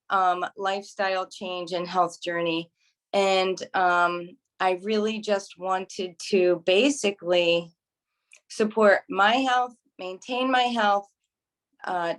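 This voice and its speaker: A woman's voice: medium pitch, slow, a bit bright. Earnest, enthusiastic woman testimonial, video call. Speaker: mentor and graduate sharing experience.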